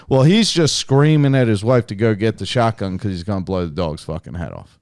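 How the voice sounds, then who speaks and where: A young man telling a hunting story casually on a podcast, animated and heavily profane. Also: mid-range voice, normal speed, smooth, no echo, clean studio sound. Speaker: podcast guest, hunter.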